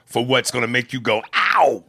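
Man, podcast co-host, crude rambling jokes, lively bright voice, dry close mic. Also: mid-range voice, normal speed, no echo. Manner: crude, joking, rambling, laughs often. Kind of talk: casual movie chat.

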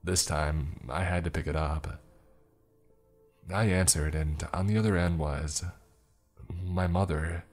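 Slow grave male narrator for a horror tale, very low voice, faint music under it. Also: steady tone, a little mellow.

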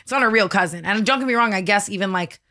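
A young adult woman co-hosts a laid-back podcast, swearing freely and breaking into giggles between stories. She talks loosely and acts out what her friends said in quick little bits. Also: medium pitch, pushed and bright. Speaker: podcast co-host. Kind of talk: casual chat.

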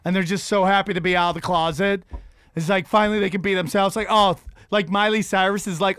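A man's voice: high voice, steady tone, fast talker, fairly bright tone, clear, resonant tone, no echo, clean studio sound. A man telling rambling, profane stand-up stories on a podcast, with frequent restarts. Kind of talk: casual profane storytelling.

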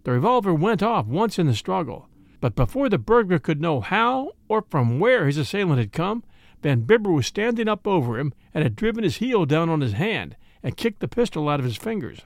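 A man reading a classic story aloud in a measured, storytelling way. His voice sits a little high and moves through a lively range. The recording is close and completely dry. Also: vocal fry, no echo. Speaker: audiobook narrator. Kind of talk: expressive scripted narration of a classic story.

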